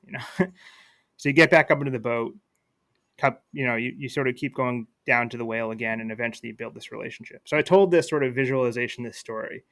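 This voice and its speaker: A man's voice: medium pitch, fast, a bit bright, no room sound. A man, a podcast guest, talking casually and reflectively while telling a children's story, with fillers and restarts. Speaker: guest, attorney.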